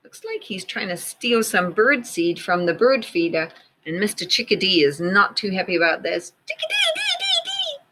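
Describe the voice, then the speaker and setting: A woman teacher reading a picture book aloud to children, gently pointing out details in the pictures as she goes. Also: lowish voice, moderate pace, slight background noise, rough recording.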